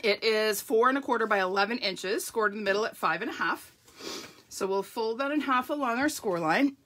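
A bright-toned woman leads a live crafting demo from her home craft room. She chats casually and laughs often, and her voice is a little croaky from a runny nose. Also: on the high side, brisk. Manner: chatty, laughs often, says "like". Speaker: papercraft demonstrator.

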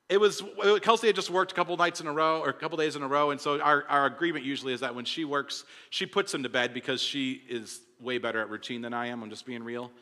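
High, bright-voiced young pastor in a hall. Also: male voice. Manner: casual, conversational, swings from loud to hushed. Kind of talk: sermon. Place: large church hall. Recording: long hall reverb.

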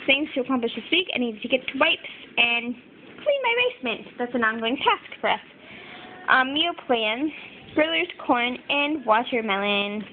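A young woman chatting casually through a home craft video, apologetic and full of fillers. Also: a little high. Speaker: craft vlogger. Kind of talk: casual show-and-tell narration. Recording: tinny phone-like audio with faint background noise. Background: crying baby.

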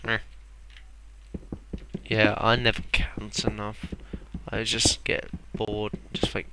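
A man's voice: on the low side, animated, slow pace, gravelly, noisy background. A young man rambling and mocking himself as he plays a block-building game. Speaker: gameplay commentator. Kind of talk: casual Let's Play commentary.

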